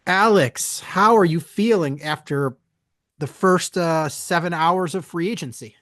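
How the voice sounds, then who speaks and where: A man's voice: on the high side, unhurried, a bit bright, no room sound, clean studio sound. A man co-hosting a casual sports talk podcast, opening the show in an upbeat way. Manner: upbeat show opener, reads a sponsor spot. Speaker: podcast co-host.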